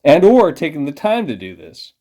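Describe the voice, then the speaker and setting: A man delivering an angry, profane rant straight to his viewers, condescending as he lurches from low muttering to loud outbursts. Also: wildly swooping pitch, moderate pace. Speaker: vlogger. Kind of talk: ranting monologue to camera.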